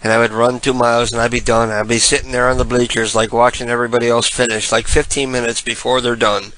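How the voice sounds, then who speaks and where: A man's voice: medium pitch, little pitch movement, fast talker, fairly bright tone, poor audio. A male radio host telling a blunt, profane story in a rambling comic style.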